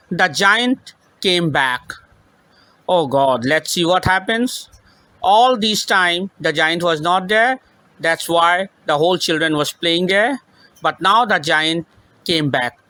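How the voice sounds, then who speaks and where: A male teacher reads a children's story slowly and with emphasis, stopping often to repeat and explain the lines. His voice is high and bright, and the recording is close and dry. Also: no echo, poor audio.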